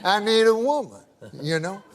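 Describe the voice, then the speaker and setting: A man's voice: high-pitched, sing-song, normal speed. A man voicing a grizzled, lonely old male gold prospector in a folksy, drawling frontier way. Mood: weary, pleading.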